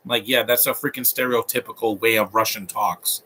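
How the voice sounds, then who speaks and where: Male host, casual live movie commentary, opinionated and rambling, bright husky tone. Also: fairly low pitch, fairly even intonation, moderate pace. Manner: opinionated, rambling, frequent restarts.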